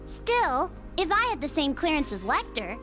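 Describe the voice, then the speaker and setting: A playful teenage girl in a video game who teases everyone around her. The voice sits very high, with lively, swooping intonation. It is bright and forceful, always bubbly. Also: moderate pace, soft background music. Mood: cheerful. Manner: teasing, bubbly.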